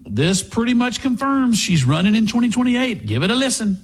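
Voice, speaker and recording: Man, talk host, sarcastic, high lively voice, husky edge. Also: normal speed. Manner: sarcastic, animated. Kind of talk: opinionated political commentary.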